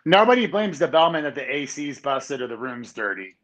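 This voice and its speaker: A man's voice: mid-range voice, very animated, fairly quick, fairly bright tone, rough recording. A man hosting an interview, telling stories in a loose, chatty way. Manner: loose, chatty storytelling with lots of "like" and "you know". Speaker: podcast host. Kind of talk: casual interview.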